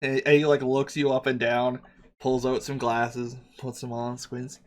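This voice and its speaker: A man running a tabletop game, describing the scene in a loose, rambling way. He laughs easily and keeps the talk casual, his voice sitting at an ordinary middle pitch. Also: little pitch movement, unhurried. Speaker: game master.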